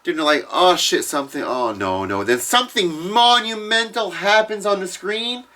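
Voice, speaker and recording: A man casually retelling a comic storyline, profane and animated, acting out what the characters say. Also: high-pitched, moderate pace. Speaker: comics explainer.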